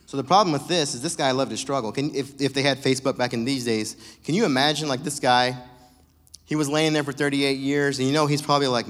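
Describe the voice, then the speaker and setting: A male pastor giving a casual, joking sermon with animated storytelling. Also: mid-range voice, fast talker, big-room sound.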